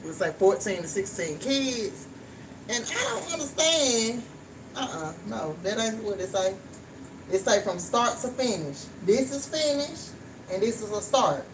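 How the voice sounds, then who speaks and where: A woman vlogger with a drawl chats frankly and casually while cooking in her home kitchen, swearing now and then. Her voice is fairly high, sing-song, and a little slow, and she sounds slightly distant from the mic. A clear layer of background noise runs beneath her.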